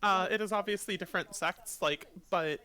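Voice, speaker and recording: A woman's voice: mid-range voice, moderate pace, sharp tone. A woman acting as game master, describing scenes in a loose, hesitant way with many fillers. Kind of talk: narrating a tabletop game.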